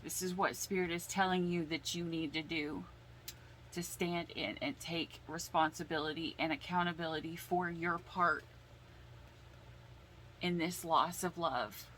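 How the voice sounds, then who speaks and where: Woman, tarot reader, slow unhurried delivery, low-ish voice, emotional, sighing, faint background hiss. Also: fairly even intonation, fairly bright tone, poor audio. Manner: slow, emotional, sighing and holding back tears. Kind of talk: casual tarot reading.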